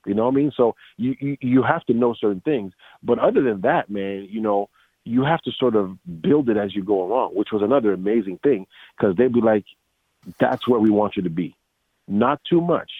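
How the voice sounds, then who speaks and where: A man with a lowish voice tells stories in an animated way, acting out what others said and often restarting his sentences. The sound is thin and phone-like, and the recording is dry. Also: fairly quick, breathy edge, dry recording. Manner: animated storyteller, acts out quotes, many restarts. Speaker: voice actor guest. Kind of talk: casual interview. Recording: dry tinny phone-like line.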